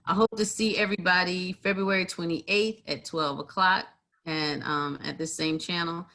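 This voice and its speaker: Mediator lady on a video call, kinda low voice but bright, animated, tells stories and acts out the quotes. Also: moderate pace. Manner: animated storyteller, acts out quotes, many fillers. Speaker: community mediator co-hosting a livestream. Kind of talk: casual conversational chat.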